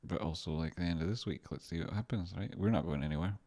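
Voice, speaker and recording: Low-voiced man rambling on stream. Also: fast, dark tone. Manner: rambling, chatty, reads out and answers chat. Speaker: livestream host doing stock chart analysis. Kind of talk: casual live-stream chat.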